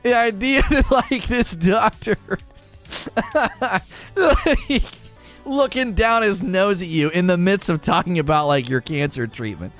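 A man's voice: high voice, slow pace, faint music behind. A young adult man streaming a game, talking casually with his chat, laughing often and greeting viewers. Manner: animated, laughs often, reads chat aloud.

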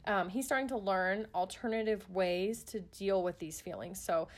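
A chatty woman talking in an earnest, relaxed way, with plenty of "um"s and false starts. Her pitch sits in the middle for a woman. She sounds like a parent sharing tips in a casual conversation. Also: moderate pace. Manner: chatty, earnest, many fillers and restarts. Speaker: parent guest on a podcast. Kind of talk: casual chat.

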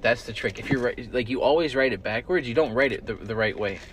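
A young man co-hosting a casual podcast, rambling through stories, swearing often and shouting the lines he quotes. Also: mid-range voice, fast talker, slight background noise. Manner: rambling storyteller, swears a lot, loud bursts when quoting. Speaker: podcast co-host. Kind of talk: casual chat. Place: in a car with friends.

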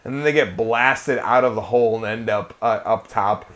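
A man's voice: lowish voice, normal speed, fairly bright tone. A young man co-hosting a casual podcast, rambling through a recap with lots of swearing, fillers and restarts, often breaking into laughter. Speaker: podcast co-host recapping an episode. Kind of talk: casual chat.

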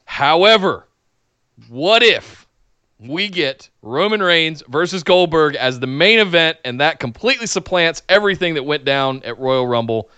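Man, exasperated podcast co-host, high bright voice, smooth and dry. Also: expressive, moderate pace, no room sound. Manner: exasperated, sarcastic, emphatic. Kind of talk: casual wrestling commentary chat.

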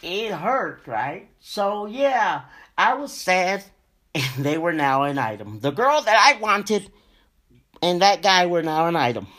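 A young man hosting a show, telling a personal story in a slow, emotional, profane way and often calling out to his listeners. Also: sits high, very animated, fairly bright tone. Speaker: podcast host.

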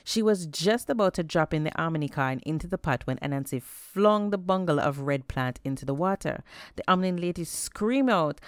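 A woman with a Jamaican accent tells folktales in a lively storytelling voice, low-pitched and smooth. She is recorded close with a dry sound and no room echo. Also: normal speed. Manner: lively, animated narration.

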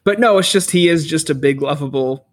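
A man in casual podcast chat giving critical, animated opinions on movies. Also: on the high side, fairly quick.

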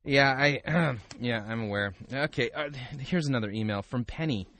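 A podcast host talks casually, mixing commentary with reading aloud, dropping wry, sarcastic asides and often restarting his sentences. His voice is medium-pitched and fairly bright, at a normal speed.

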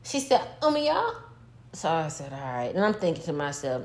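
Middle-aged woman, casual storyteller, slightly low voice, swears freely, laughs through it. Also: moderate pace. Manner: profane, animated, laughs while telling story. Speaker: podcast co-host, mother.

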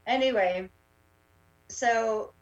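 A woman, a rally organizer, tells her story in a casual interview, halting often with fillers and restarts. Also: a little high, recorded from a distance, highs cut off. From Canada.

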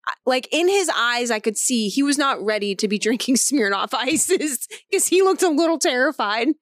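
A woman in her thirties co-hosting a podcast, telling stories in a lively way, swearing freely and laughing often. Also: high voice, normal speed, no echo. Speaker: podcast co-host. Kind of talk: casual chat.

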